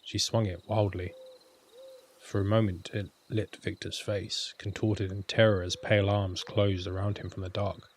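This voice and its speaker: A man with a very low voice tells a scripted horror story. He keeps his pitch nearly level throughout and his pacing measured and grave. Faint hiss and crickets sit beneath his voice. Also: little pitch movement. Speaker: narrator.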